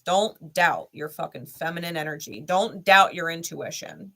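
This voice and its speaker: A woman talks straight into the camera in a candid vlog, blunt and heavy on the swearing. Her voice is gravelly and bright, and she hammers her points home in short, repeated lines. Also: on the low side, moderate pace. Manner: blunt, heated, swears a lot, speaks straight to the listener. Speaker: tarot reader and channel host. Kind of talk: candid personal vlog monologue.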